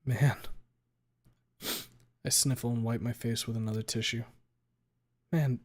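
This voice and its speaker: A man of middling pitch reads a first-person story aloud for his stream. He throws feeling into it, hurrying through some passages and lingering on others. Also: steady tone. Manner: emotional, pace swinging between rushed and drawn out. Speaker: streamer reading a fan fiction aloud.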